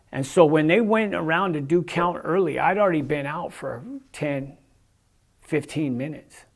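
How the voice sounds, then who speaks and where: A man giving an earnest casual testimony as a guest, with many "you know"s and restarts as he tells his story. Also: fairly high pitch.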